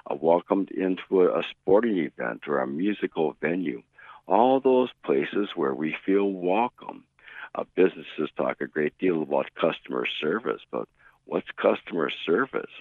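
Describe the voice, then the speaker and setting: Middle-aged male radio preacher, storyteller, deep gravelly voice, phone-thin sound. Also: no echo. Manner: storytelling, acts out quoted voices. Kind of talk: radio sermon. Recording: tinny phone-like radio broadcast.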